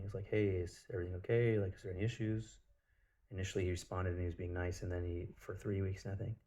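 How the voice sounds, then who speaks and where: A man's voice: deep voice, warm tone. A man telling a personal story in a casual spiritual monologue, blunt and profane, with lots of filler words.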